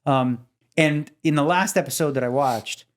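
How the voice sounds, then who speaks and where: A man co-hosting a podcast in casual chat, telling stories excitedly and jumping up in pitch when something amazes him. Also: normal speed. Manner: excitable, animated storyteller who jumps up in pitch when amazed. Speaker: podcast co-host.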